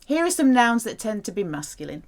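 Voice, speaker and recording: A woman teaching a French lesson in a playful way, saying the French words slowly and clearly. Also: fairly high pitch, sing-song. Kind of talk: language lesson to camera.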